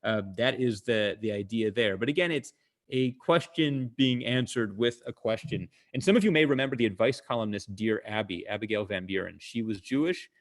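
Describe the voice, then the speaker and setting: A man's voice: fairly low pitch, normal speed. A male comedian casually telling jokes and stories over a video call, with frequent fillers, stopping to explain his punchlines.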